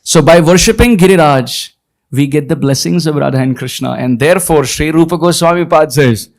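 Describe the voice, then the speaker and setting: A man giving a devotional lecture at a retreat, chanting verses slowly and then explaining them with emphasis. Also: a little high. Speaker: spiritual teacher. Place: retreat hall, before a live audience.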